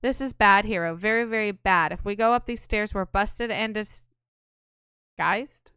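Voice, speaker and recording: A woman's voice: medium pitch, moderate pace, pushed and bright, clean tone, dry recording, clean studio sound, close to an everyday voice. A woman reading aloud the lines of a cocky, wisecracking young male rogue in a game, speaking in a breezy, slangy way.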